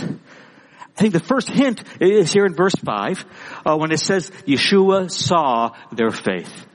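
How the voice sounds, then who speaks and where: Man preaching, emphatic, animated pitch, slightly high voice, long hall echo. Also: slow. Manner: emphatic preaching, repeats key words. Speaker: pastor. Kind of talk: sermon.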